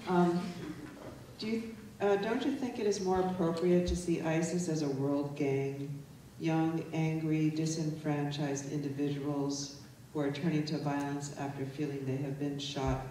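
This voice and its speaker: A moderator reading audience questions aloud, hesitant and pausing on frequent ums. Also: medium pitch, level tone, warm tone. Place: large lecture hall. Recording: echoey hall, distant mic, faint noise.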